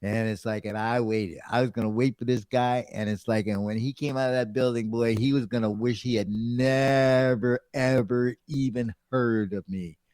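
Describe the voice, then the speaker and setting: A man's voice: medium pitch, fairly even intonation, normal speed, few pauses, a little mellow, no room sound, studio quality. A middle-aged man and radio show host, casually telling a story and acting out the other people's lines.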